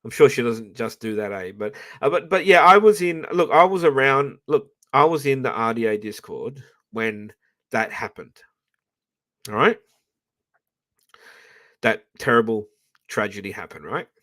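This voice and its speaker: A man's voice: mid-range voice, lively intonation, unhurried, pauses often, pushed and bright. Rambling man on a livestream. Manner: rambling, profane, chatty with many restarts. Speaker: livestream host. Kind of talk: rambling live-stream chat. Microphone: professional microphone.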